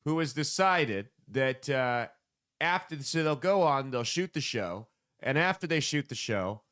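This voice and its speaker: A man hosting a casual comedy podcast, joking loosely and throwing in sudden loud bursts. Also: medium pitch, animated, unhurried. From United States. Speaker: podcast host.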